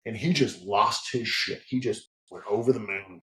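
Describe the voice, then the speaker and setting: Man telling an animated, profane story. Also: lowish voice, moderate pace, poor audio. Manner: animated, profane, frequent restarts. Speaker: guest, head distiller. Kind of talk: casual storytelling.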